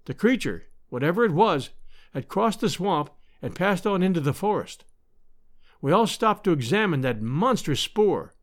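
Expressive male audiobook narrator, lively pitch. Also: moderate pace. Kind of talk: scripted narration.

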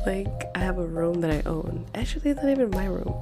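A young adult woman hosting a podcast, talking quietly and half-whispering in a casual, profane, exasperated chat. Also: lowish voice, animated, moderate pace, music in the background. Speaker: podcast host.

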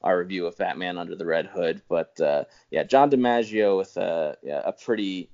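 A man co-hosting a casual podcast in a lowish voice. He rambles, restarts his phrases and chuckles now and then. The audio is dull and lo-fi. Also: moderate pace, a little mellow. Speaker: podcast co-host. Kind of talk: casual chat.

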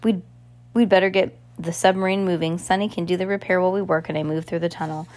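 A woman voicing an anxious, bookish teenage boy in a storybook reading, giving tense, hurried directions. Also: lowish voice, fairly even intonation, a little mellow, close to an everyday voice.

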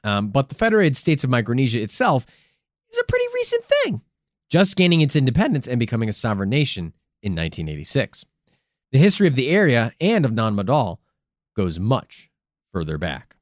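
A man hosting a comedic podcast, playful and animated, who swears casually while explaining history. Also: mid-range voice, fairly quick, no room sound, studio quality. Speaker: podcast host.

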